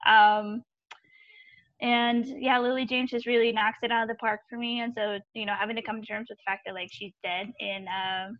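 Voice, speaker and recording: A woman's voice: a little high, flat delivery, normal speed, dry recording. A young woman co-hosting a podcast, chatting casually, giggling often and swearing freely. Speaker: podcast co-host. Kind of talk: casual chat. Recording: dull lo-fi dry mic.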